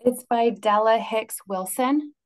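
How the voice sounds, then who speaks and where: A woman at an open mic reading a poem aloud and chatting in a soft, halting way. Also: a little high.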